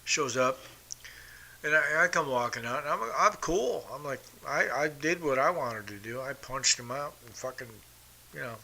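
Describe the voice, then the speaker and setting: Middle-aged guy ranting on his podcast, swears a lot, super sharp tense voice. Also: medium pitch, normal speed. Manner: blunt, profane, combative. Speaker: podcast host. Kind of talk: casual storytelling monologue.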